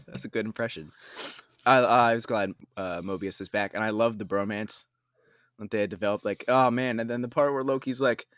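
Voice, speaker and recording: A man co-hosting a podcast, chatting casually and excitably about a TV episode, with lots of "like" fillers. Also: fairly low pitch, normal speed, long pauses, smooth, no echo, studio quality. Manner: excitable, filler-heavy, says "like" a lot. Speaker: podcast co-host. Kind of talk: casual TV recap chat.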